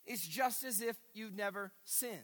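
A man's voice: high voice, measured pace, a bit bright. A male pastor preaching a sermon to his congregation, emphatic and repeating key phrases, often stumbling over restarts. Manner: addresses the congregation directly. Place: church sanctuary. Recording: long reverb of a large hall.

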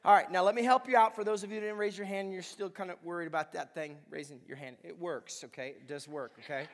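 High-voiced man preaching in a hall. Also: fairly even intonation, fast, slight background noise. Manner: impassioned, emphatic preaching. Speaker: pastor. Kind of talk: sermon. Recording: long reverb of a large hall.

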